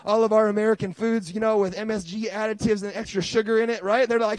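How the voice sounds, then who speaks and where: A man in his thirties preaching a sermon as pastor, telling stories with lively restarts and bursts of excitement. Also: high voice, quick pace, few pauses, dry recording. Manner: animated storytelling with many restarts.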